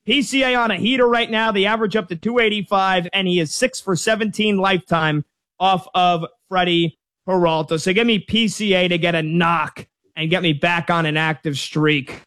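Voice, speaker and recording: A man hosting a casual sports show with upbeat, quick patter. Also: high-pitched, fairly bright tone.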